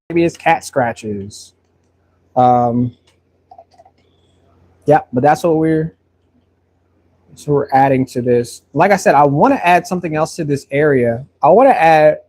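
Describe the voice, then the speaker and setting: This painter talks loosely and at length as he streams his work live, his rambling talk full of filler words. His voice is slightly high and a bit mellow.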